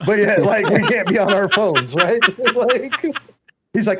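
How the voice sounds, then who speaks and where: A man from Texas hosting a podcast, telling long work stories in a casual, animated way, laughing often and swearing freely. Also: sits high, normal speed, background noise. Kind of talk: casual storytelling chat.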